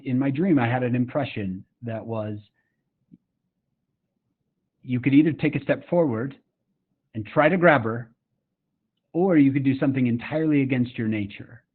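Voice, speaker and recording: A middle-aged man from Utah tells a personal story to a summit audience, earnest and chatty, often stopping to ask the listeners a question. His voice sits at an ordinary pitch. The sound comes through thin and tinny, like a phone line. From Utah, USA. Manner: earnest, conversational, with frequent fillers and asides to the audience. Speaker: summit speaker.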